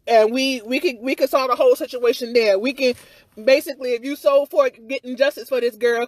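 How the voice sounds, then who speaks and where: High-voiced woman ranting on camera. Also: no echo, studio quality. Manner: rambling and frustrated, full of "you know" and "or whatever", with occasional swearing. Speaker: vlogger giving her side of a viral incident. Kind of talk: candid livestream-style rant. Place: outdoors outside her house.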